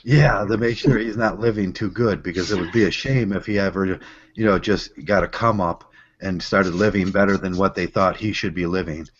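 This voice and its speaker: A man's voice: deep voice, steady tone, moderate pace, lo-fi sound, a little hiss or hum. An American man telling stories in a casual group chat, rambling with frequent fillers. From United States.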